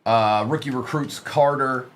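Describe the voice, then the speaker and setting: A man's voice: mid-range voice, unhurried, slight background noise. A man hosting a live sports card break, reading out player names from the pulls and chatting casually with viewers in the stream chat.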